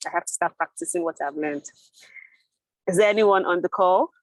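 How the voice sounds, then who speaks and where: A woman hosting an online club meeting, upbeat and brisk as she moves the session along. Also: lowish voice, dry recording, poor audio. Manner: upbeat, brisk emcee chatter. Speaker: meeting host. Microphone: computer mic on a video call.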